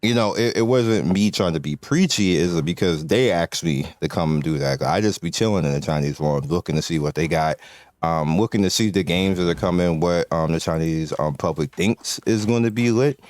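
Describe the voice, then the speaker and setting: A man's voice: low voice, normal speed, darkish tone, no room sound, clean studio sound. A man from the United States chatting casually as a gaming video creator, rambling with lots of fillers and restarts and laughing often.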